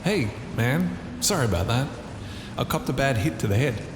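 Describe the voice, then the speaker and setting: A man's voice: medium pitch, animated, normal speed, roomy sound, long reverb tail, noisy background, lightly acted. A man voicing a shaken young man just out of hospital, speaking in an apologetic way. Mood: sheepish. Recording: loud guitar music underneath.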